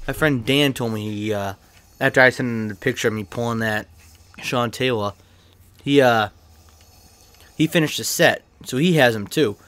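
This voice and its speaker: Excitable young man opening game packs. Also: medium pitch, a little slow, long pauses, no room sound. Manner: excitable, swears freely, talks to himself while opening packs. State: coughing, throat irritated. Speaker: gaming YouTuber opening card packs. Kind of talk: casual pack-opening commentary. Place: his bedroom.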